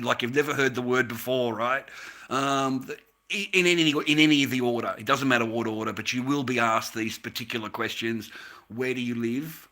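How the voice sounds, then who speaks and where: A man's voice: medium pitch, fairly even intonation, normal speed, sharp tone. A man, ranting bluntly and profanely on a casual livestream. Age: 50s. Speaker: livestream host.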